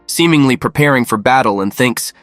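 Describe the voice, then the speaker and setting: Male narrator, mid-pitched, even matter-of-fact read, dry close sound. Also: brisk, no echo, soft background music. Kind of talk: scripted narration.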